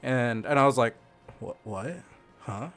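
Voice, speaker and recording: A man's voice: medium pitch, unhurried, fairly bright tone, faint music behind. A young man streaming a game and telling a childhood story in a rambling, profane way, laughing as he goes. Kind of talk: casual storytelling while gaming.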